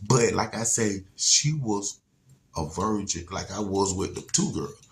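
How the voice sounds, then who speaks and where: A man's voice: fairly low pitch, expressive, unhurried, creaky, slight background noise. A man telling a personal story to viewers in a casual, slangy way, repeating words and laughing now and then.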